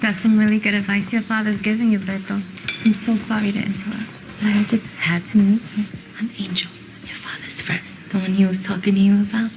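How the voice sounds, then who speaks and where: A woman playing a soft-spoken, apologetic partner. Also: mid-range voice, flat delivery, a little fast, background noise, natural voice. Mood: tender. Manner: soft, partly whispered. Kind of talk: film drama.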